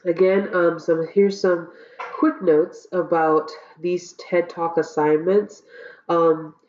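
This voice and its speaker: A woman's voice: on the low side, level tone, slow, a little mellow. Stuffy woman instructor, roomy lo-fi recording. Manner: casual, checks in with frequent okays and ums. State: stuffy from a cold. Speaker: college public speaking instructor. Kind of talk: recorded course walkthrough lecture.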